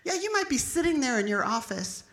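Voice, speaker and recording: A woman's voice: sits high, big pitch swings, fairly quick, fairly bright tone, echoey room. A middle-aged woman pastor preaching an emphatic, storytelling sermon.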